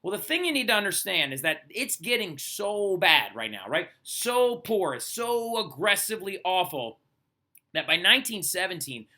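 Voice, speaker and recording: Young male teacher, animated casual lesson delivery; a bit high-pitched, very bright, edgy tone. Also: normal speed. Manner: chatty, animated, lots of "like" and "right?", acts out quotes. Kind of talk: casual recorded history lesson.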